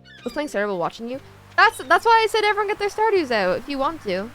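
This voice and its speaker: A woman's voice: high-pitched, very animated, quick pace, a bit bright, soft background music. A woman chatting casually with her viewers while she plays a farming game, rambling and talking to chat as she goes. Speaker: streamer.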